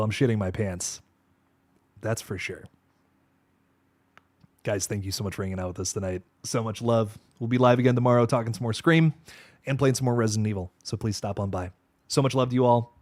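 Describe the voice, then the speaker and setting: A man streaming a horror game live, reacting with jumpy, swearing exclamations and then signing off quietly. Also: lowish voice, a little fast. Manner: quiet, relaxed sign-off. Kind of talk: live gameplay commentary.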